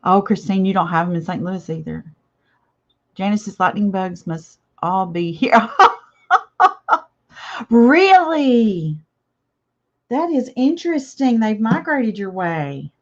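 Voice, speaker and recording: A woman's voice: medium pitch, sing-song, slow, pauses often, highs cut off. An older woman hosting a casual live craft chat, chatty and reading viewer comments aloud with frequent laughs. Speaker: craft channel host.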